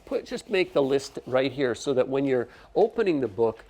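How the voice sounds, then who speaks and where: A man's voice: medium pitch, very animated, moderate pace, a little mellow. A man who trains teachers, giving a workshop lecture in an explanatory way, often checking in with "okay?" and correcting himself as he goes. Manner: frequent restarts and self-corrections.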